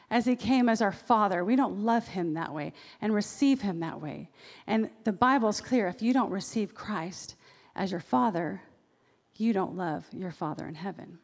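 A woman pastor giving a sermon in a church, lively and acting out the voices she quotes. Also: medium pitch, normal speed. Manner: animated, acts out quoted voices. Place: church sanctuary. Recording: long reverb of a large hall.

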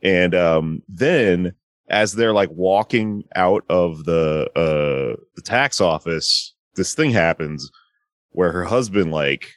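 A man speaking slowly in a low, expressive voice tells a friend about a movie plot in a casual chat. The retelling rambles, is heavy on fillers, and includes acted-out quotes. The recording is dry and studio quality.

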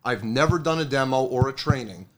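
Man, blunt, emphatic, casual swearing, relaxed chat. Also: mid-range voice, a little fast. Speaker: firefighter rescue trainer. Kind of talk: casual conversation.

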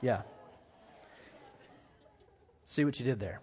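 A male pastor preaching a sermon in a church, emphatic, repeating his phrases and dropping to a hush at times. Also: high-pitched, expressive, moderate pace, in a large hall, some chatter behind. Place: church sanctuary.

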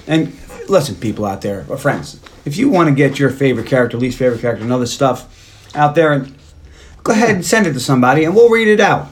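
A man's voice: medium pitch, expressive, fast. A man hosting a movie podcast, casually retelling a film's plot at length in a rambling way. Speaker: podcast host. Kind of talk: casual movie recap chat.

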